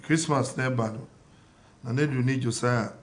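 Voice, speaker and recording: A Ghanaian man with a mid-pitched voice reads football fixtures and predictions on a radio show. He moves through them list by list, mixing Twi and English. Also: normal speed. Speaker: sports panellist. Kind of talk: reading betting tips on radio.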